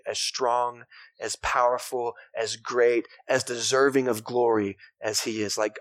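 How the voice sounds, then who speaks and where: A man's voice: medium pitch, no echo. A man, preaching a sermon as pastor in a conversational, joking way with his congregation.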